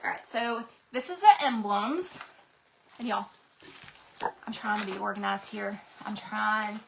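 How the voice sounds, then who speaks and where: A woman's voice: mid-range voice, unhurried, creaky, noisy background. A woman hosting a craft livestream, chatting and gushing to viewers, her voice cracking from a sinus infection. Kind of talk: casual livestream chat to viewers.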